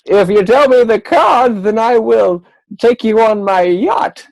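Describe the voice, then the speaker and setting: Brief: man playing a pompous old deck queen, shrill high voice, demanding, dry close sound. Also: slow pace, vocal fry, dry recording, heavily acted, low-quality recording. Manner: pompous, demanding, mock whiny. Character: haughty old queen of a card deck, woman.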